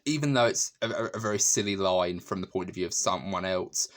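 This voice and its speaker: A man with a very low, deep voice talks through a film he loved in a casual review monologue. He rambles warmly, restarting sentences and leaning on "you know." Laughter breaks in often. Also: a little fast. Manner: chatty and emotional, frequent fillers and restarts; laughs often while talking.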